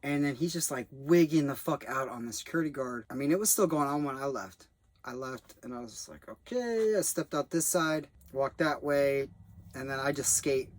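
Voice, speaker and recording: A man's voice: mid-range voice, moderate pace, no echo. A young man rambling in a loose, profane way as he reviews a film he worked on as a background actor. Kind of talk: rambling casual monologue.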